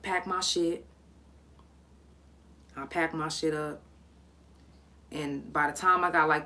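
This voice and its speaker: A young woman hosting a podcast, telling a story in blunt, profane, animated casual talk. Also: deep voice. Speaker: podcast host.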